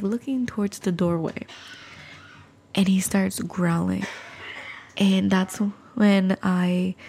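A woman's voice: medium pitch, vocal fry, warm tone, slight background noise. A woman hosting a podcast, telling a spooky story in a chatty way, full of fillers and asides to the listeners. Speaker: podcast host.

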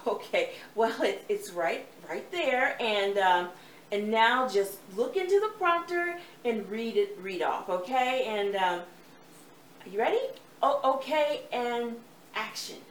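A woman acting as an exasperated casting director in a comedy sketch, calling out loudly to hurry people along. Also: a little high, lively intonation, slow pace. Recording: roomy, distant, faint ambient hiss.

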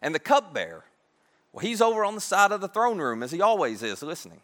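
A man preaching a sermon, retelling a Bible story in a lively, conversational way and acting out the characters' lines. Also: high-pitched, fast talker, big-room sound.

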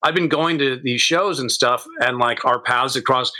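A man in his fifties tells wild stories as a guest on a chat show. He swears freely and acts out the voices in his anecdotes. His voice is bright and forceful at an ordinary pitch. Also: normal speed, low-quality recording. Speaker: guest, bar owner. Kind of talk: casual storytelling chat.

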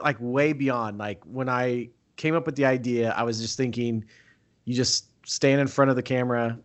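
A man chatting casually as host, telling an excitable story and acting out what people said. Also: medium pitch. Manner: excitable storyteller, acts out quoted talk. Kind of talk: casual chat.

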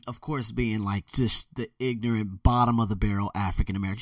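A man's voice: medium pitch, steady tone, fast talker, few pauses, no echo, recorded from a distance. A young man hosting a podcast, ranting bluntly and profanely in a casual monologue from his bedroom. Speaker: podcast host. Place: bedroom with door closed. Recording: dry room, voice a bit off-mic.

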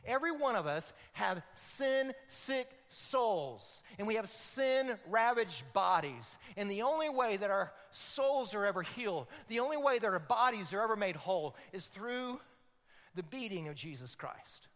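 A man preaching a sermon, dramatic and building to loud emphatic peaks. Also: sits high, very animated, a little slow, long reverb tail. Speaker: pastor.

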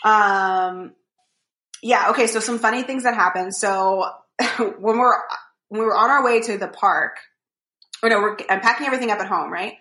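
A young woman chats on a podcast, telling a story that wanders, full of fillers and acted-out quotes. Her voice sits at a middle pitch and carries echo from the room around her. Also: moderate pace, bright, forceful tone. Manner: rambling storyteller, many fillers, acts out quotes. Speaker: podcast co-host. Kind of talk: casual chat.

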